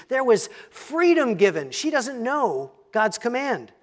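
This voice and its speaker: A pastor preaches a sermon, teaching in a measured tone and reading scripture aloud. His mid-range voice has a sing-song quality.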